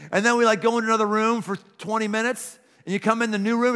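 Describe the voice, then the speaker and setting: A middle-aged man preaching with a fairly high voice and plenty of animation, jumping into small acted-out scenes with gasps and chuckles. His sermon rings out through a large church hall with a long reverb tail. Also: normal speed, pauses often. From Pittsburgh. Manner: animated, acts out little scenes with gasps and laughs. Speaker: pastor.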